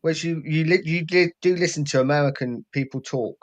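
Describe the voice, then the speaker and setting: A man's voice: fairly high pitch, brisk, lo-fi sound. A middle-aged man, hosting a podcast in casual chat and easily prompting the others to talk. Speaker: podcast host.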